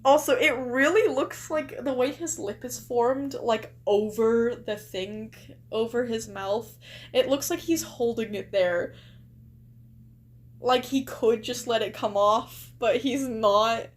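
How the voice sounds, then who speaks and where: A young woman streamer with a fairly high, slow voice chats casually while reacting to something. She gushes and exclaims a lot, peppering her talk with "like" and rhetorical questions.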